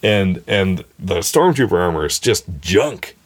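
Man, very low voice, enthusiastic casual chat, many fillers. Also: sing-song, a little slow. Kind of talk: casual chat recapping a TV episode.

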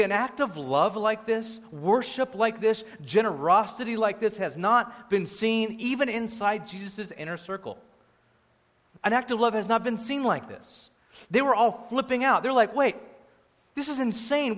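A man serving as pastor preaches an animated sermon, acting out the voices he quotes and swinging from loud bursts to quiet asides. His voice sits high, and the recording carries a long hall reverb.

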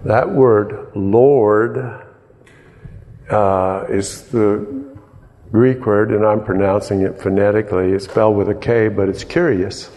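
A man preaching a sermon, teaching slowly and explaining word by word with frequent pauses and fillers. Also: fairly low pitch, warm tone, big-room sound. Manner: slow, explanatory teaching with hesitations.

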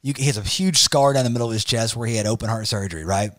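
Animated storytelling man. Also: lowish voice, very fast, no echo, clean studio sound. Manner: laid-back, slangy, animated retelling. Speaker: podcast co-host. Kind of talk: casual storytelling chat.

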